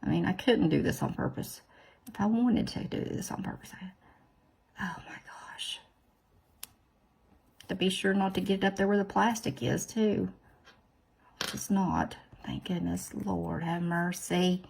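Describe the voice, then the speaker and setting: A woman's voice: fairly low pitch, animated, normal speed, vocal fry, darkish tone, breathy edge. A woman hosting a nail video, chatting casually, self-deprecating and full of exclamations. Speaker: nail tutorial host. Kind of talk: casual chat while doing nails.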